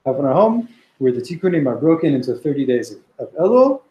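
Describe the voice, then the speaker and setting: A man's voice: mid-range voice, sing-song, quick pace, dark tone, echoey room, highs cut off. A man teaching a text study class, reading Hebrew passages aloud and explaining them with frequent restarts. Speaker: Torah teacher.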